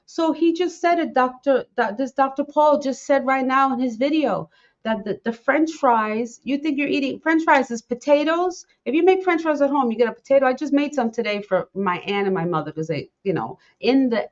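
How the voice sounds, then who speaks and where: A woman's voice: high voice, expressive, moderate pace. Impassioned woman, lo-fi sound. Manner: impassioned, rambling, repeats herself. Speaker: podcast host. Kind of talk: casual talk. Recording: dull lo-fi sound.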